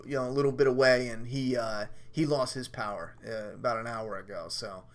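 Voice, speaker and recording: A man's voice: medium pitch, fairly even intonation, a little fast. Profane, rambling male live-stream host. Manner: rambling, profane and self-mocking. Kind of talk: casual live review chat. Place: at home during a storm.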